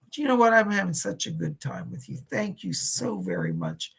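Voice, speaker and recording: A middle-aged man hosting live psychic readings, chatting warmly with viewers by name and relaying messages. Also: on the high side, wildly swooping pitch, normal speed, creaky, noisy background. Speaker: psychic medium host.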